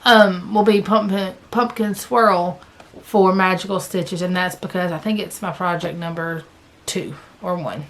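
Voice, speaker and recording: A woman's voice: fairly low pitch, steady tone, moderate pace. Chatty woman in a home craft vlog. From American South. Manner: chatty, rambling with self-corrections. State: hiccups. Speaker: cross-stitch vlogger. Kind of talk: casual chat. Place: indoors, sitting in a stitching chair at home.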